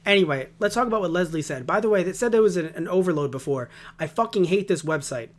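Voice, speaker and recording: A man's voice: high-pitched, fast. Ranting, foul-mouthed male podcast host. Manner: rambling, heavy swearing, animated ranting. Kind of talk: casual podcast chat.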